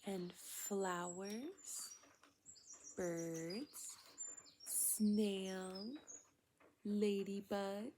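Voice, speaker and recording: Woman reading a storybook aloud to little kids, higher voice, slow and hushed, gasps a lot. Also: lively intonation, a little hiss or hum. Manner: often hushed and whispery, with frequent gasps of wonder; points out things on the page, asking questions. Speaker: children's storybook reader. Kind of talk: reading a picture book aloud to young children.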